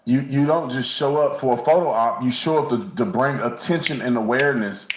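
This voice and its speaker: A man's voice: medium pitch, a little fast, echoey room, low-quality recording. A man co-hosting a casual commentary livestream, talking bluntly and animatedly, often stumbling and repeating words. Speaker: co-host.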